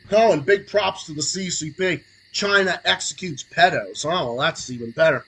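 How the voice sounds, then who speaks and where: A young man hosting a podcast stream, ranting angrily and sarcastically, swinging between low muttering and shouting. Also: animated, normal speed, few pauses, breathy edge, poor audio. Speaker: podcast host. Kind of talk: profane political rant on a livestream.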